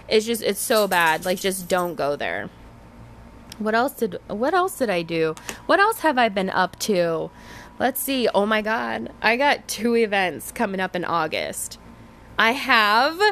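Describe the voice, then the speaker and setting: Young woman rambling on her podcast, says like constantly, swears a lot, faint hiss behind. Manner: chatty and animated, says "like" a lot; swears casually and jumps to squealing highs. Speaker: podcast host. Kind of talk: casual chat.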